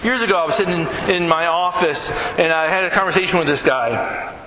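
A man's voice: sits high, fairly quick, sharp tone. Man, pastor, sermon, storytelling, plays both voices in dialogue, long reverb, audible room noise. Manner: conversational storytelling, acting out both sides of a dialogue. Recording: echoey hall with background noise.

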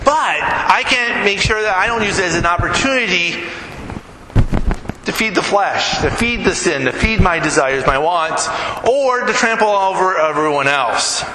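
Speaking at a normal speed in a high, expressive voice, a pastor delivers a conversational sermon to his congregation, frequently asking "right?". The church sanctuary sounds echoey, with noise in the recording.

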